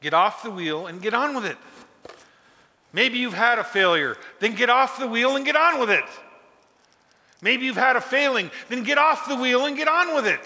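A man delivers a sermon in a high, strikingly bright and cutting voice. He drives his points home with emphatic, repeated exhortations. His words ring out with a long reverb in a large church hall. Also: lively intonation, moderate pace. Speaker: preacher.

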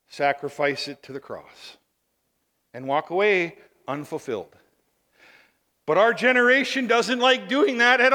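A male preacher delivers an animated sermon in a high, bright, ringing voice. He swings between loud bursts and near-murmurs, pausing to ask the congregation questions. The sound carries a long tail of reverb from a large hall.

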